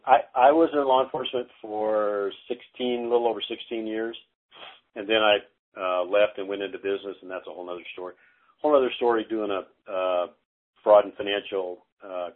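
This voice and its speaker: A middle-aged man telling stories casually as a guest, halting, with many fillers and restarts. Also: fairly low pitch. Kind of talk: casual storytelling interview. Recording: phone-like narrow audio.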